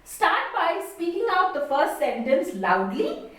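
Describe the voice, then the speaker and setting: An Indian woman trainer delivers a lesson, stressing words expressively. Her voice is high and swings widely as she talks fast. The sound is echoey and set well back from the mic. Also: very animated, fairly bright tone. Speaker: communication trainer. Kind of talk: spoken lesson. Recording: echoey room, distant mic.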